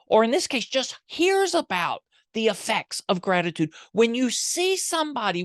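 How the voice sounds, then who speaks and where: A man's voice: extremely high pitch, a bit bright, no room sound, clean studio sound. A man talking as a guest, explaining ideas with enthusiasm and pointing to research. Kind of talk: conversational explaining.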